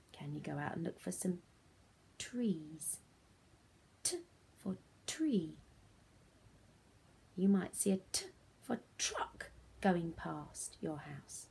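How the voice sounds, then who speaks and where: A woman's voice: deep voice, gravelly, mellow, a little hiss or hum. A woman teaching a phonics lesson to young children, speaking in a sing-song, encouraging way that often drops to a whisper.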